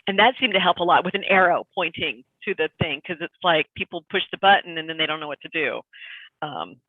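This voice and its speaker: A man co-hosting a podcast, telling stories in an animated, rambling casual chat. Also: a little high, fairly quick, dry recording. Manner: animated storyteller, rambling with restarts. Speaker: podcast co-host. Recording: tinny phone-like line.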